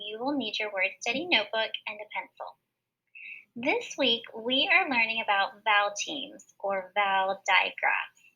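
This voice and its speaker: A woman teacher giving a recorded word study lesson for children, patiently sounding out syllables slowly and clearly. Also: on the high side, sharp tone, dull audio.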